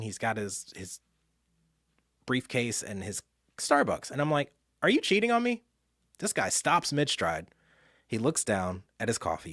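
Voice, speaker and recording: A man telling a personal story in an animated way, dropping to a hush and jumping up loud when he acts out what others said. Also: fairly low pitch, slightly rough, no room sound, clean studio sound. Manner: animated, jumps from hushed to loud mimicry. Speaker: speaker and author.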